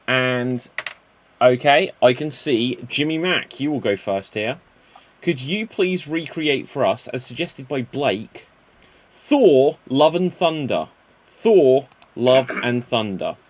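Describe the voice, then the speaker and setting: A man hosting a live online improv show, brisk and jokey, with frequent fillers. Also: mid-range voice, expressive, slight background noise.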